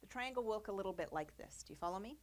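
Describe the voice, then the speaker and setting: A woman's voice: mid-range voice, lively intonation, racing. A woman giving a chatty, upbeat studio demonstration as a quilting instructor. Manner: chatty, upbeat, with fillers and little laughs. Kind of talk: casual demonstration lesson.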